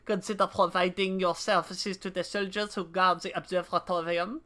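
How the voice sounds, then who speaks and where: A woman voicing a gruff old male soldier with a put-on accent mixing German and French. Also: lowish voice, level tone, moderate pace, bright, forceful tone. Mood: solemn. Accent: mock German-French mix. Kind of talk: voicing game dialogue while streaming.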